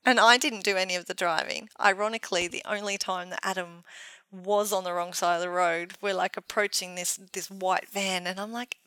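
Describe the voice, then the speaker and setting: A woman's voice: mid-range voice, fairly even intonation, fairly quick, pushed and bright, clear, resonant tone, no room sound, low-quality recording. A woman, co-hosting a podcast in casual, chatty talk, laughing often and poking fun at herself. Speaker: podcast co-host. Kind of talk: casual chat.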